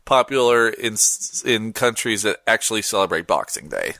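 A man's voice: lowish voice, animated, moderate pace, vocal fry, pushed and bright, no room sound. A young man hosting a podcast in casual, slangy chat, laid-back and wandering off on tangents. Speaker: podcast host.

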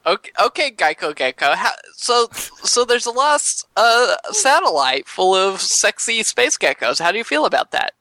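A man co-hosting a podcast, full of goofy teasing banter. His voice sits a little high, bright and very lively in pitch. It sounds close and dry. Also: moderate pace, hardly any pauses, no room sound. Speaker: podcast co-host. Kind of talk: casual podcast chat.

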